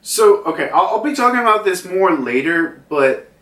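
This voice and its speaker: A man's voice: high voice, big pitch swings, normal speed, sharp tone. A man giving a casual manga chapter review, rambling with lots of fillers. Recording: roomy echo, distant mic.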